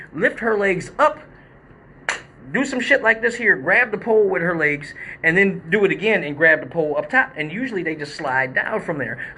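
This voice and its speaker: A man hosting a live show, telling a story in a casual, animated, profane way and acting out quotes and sound effects. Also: fairly high pitch, slightly rough.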